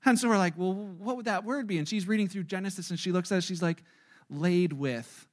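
A man's voice: high-pitched, quick pace. A middle-aged man, a pastor, giving a casual, conversational sermon and acting out the voices of the people he quotes.

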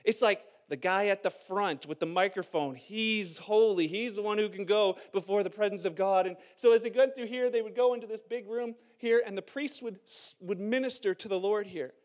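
High-voiced preaching man. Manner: lively and conversational, talks with the congregation, humorous stories. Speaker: pastor. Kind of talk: sermon. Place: church hall before a congregation.

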